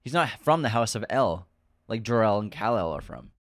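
A man's voice: lowish voice, sing-song, moderate pace, dry recording, studio quality. A man co-hosting a podcast in casual chat, teasing his partner and running a quiz. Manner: teasing, quizzing. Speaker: podcast co-host.

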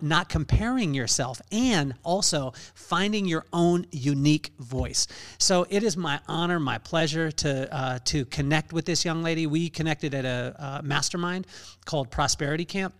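A man hosting his podcast, his voice sitting a bit high for a man. He talks with lively energy and rambles casually, leaning on fillers and restarting his sentences. He sounds like a man in his forties. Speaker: podcast host. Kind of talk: casual conversational interview.

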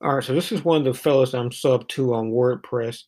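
A man's voice: medium pitch, a little fast, darkish tone. A man giving a casual, rambling commentary on poems, full of fillers and restarts. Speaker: poetry reading vlogger.

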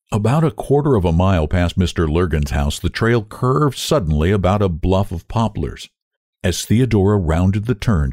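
Man reading a storybook aloud, low voice, lots of melody, dry close mic. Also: dry recording. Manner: expressive storybook narration. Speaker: narrator. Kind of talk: audiobook reading.

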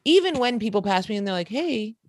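A woman's voice: medium pitch, big pitch swings, quick pace, no room sound. A young woman co-hosting a casual chat podcast, blunt and swearing freely as she tells stories. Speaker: podcast co-host.

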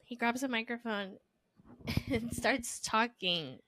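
A woman co-hosts a casual chat, telling a story with lots of animation and acting out the voices of the people in it. Her voice is bright and slightly high. The sound is dry and close. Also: slow pace, no echo. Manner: animated storytelling, acts out quotes. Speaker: podcast co-host.

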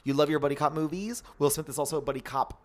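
A man's voice: on the high side, fast talker. A man co-hosting a podcast in casual, campy chat, swearing freely. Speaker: podcast co-host.

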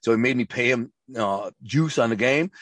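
A man's voice: mid-range voice, moderate pace, fairly bright tone, no echo. A man telling rambling, profane stories in a casual interview, full of restarts and acted-out quotes, from the Detroit area. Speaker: interview guest, former mob associate and author.

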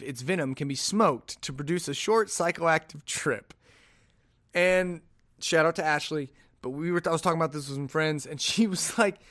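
A man with a slightly higher-than-average voice chats casually as a podcast host. He sounds animated and incredulous, often firing off rhetorical questions. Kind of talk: casual solo podcast chat.

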